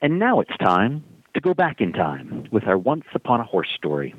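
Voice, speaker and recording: Lively male radio host, tinny sound. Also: lowish voice, moderate pace, noisy background. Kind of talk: radio show presenting.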